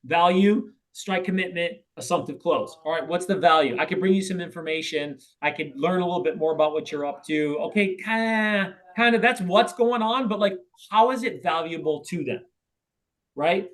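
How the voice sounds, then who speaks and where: A man's voice: fairly high pitch, poor audio. Talkative man coaching sales. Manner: brisk, talkative, keeps checking in with "right?". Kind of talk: coaching session with role play.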